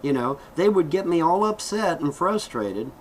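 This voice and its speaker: A man's voice: on the high side, lively intonation, moderate pace, slight background noise, poor audio. A middle-aged man vlogging an aggrieved, heated rant, swearing and repeating himself as he airs his complaints. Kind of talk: angry vlog rant.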